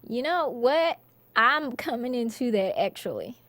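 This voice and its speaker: A woman's voice: a little high, big pitch swings, measured pace, a bit bright, dry recording. Woman, comedian guest, laid-back storyteller, dry close sound. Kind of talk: casual interview chat.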